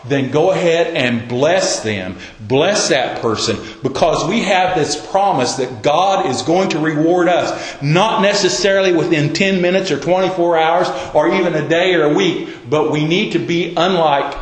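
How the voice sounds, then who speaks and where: Male preacher, folksy sermon, fairly high voice, roomy echoey recording. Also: moderate pace, hardly any pauses. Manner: folksy, conversational storytelling. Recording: roomy echo.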